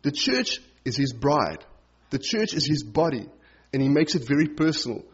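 Husky-voiced man preaching a casual sermon. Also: medium pitch, sing-song, moderate pace, lo-fi sound. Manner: informal and explanatory, with frequent "sort of" and "you know". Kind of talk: conversational Bible teaching sermon.

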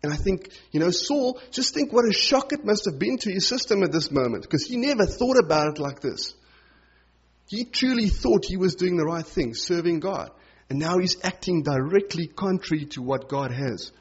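A man's voice: high-pitched, animated, normal speed, slightly rough, highs cut off. A man preaching a conversational Bible-teaching sermon, explaining things informally with lots of "sort of" and "you know".

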